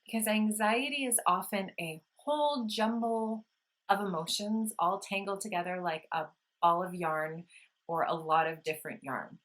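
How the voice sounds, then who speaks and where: A woman vlogger gently explaining calming practices in a soothing, unhurried talk, with audible sighs when she demonstrates breathing. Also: medium pitch, poor audio. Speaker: wellness vlogger. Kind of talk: casual instructional talk.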